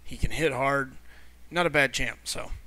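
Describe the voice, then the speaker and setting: A man's voice: medium pitch, moderate pace, sharp tone, no echo. A man with a Missouri twang, hosting a casual live game stream and chatting with viewers in a friendly way. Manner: chatty, friendly, reads viewer comments aloud.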